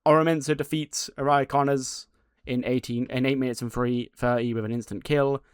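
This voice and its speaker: Relaxed man narrating a game playthrough. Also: medium pitch, fairly quick, clear, resonant tone, dry recording, clean studio sound. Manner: relaxed, recaps results in a flat run-down. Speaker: game commentator. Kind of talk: casual let's-play commentary.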